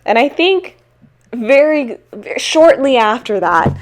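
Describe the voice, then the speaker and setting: A woman's voice: sits high, sing-song, a little slow. Chatty young woman, self-mocking. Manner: chatty, self-deprecating, laughing often. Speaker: teacher and small-shop vlogger. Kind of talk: casual Q&A chat. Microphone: own mic.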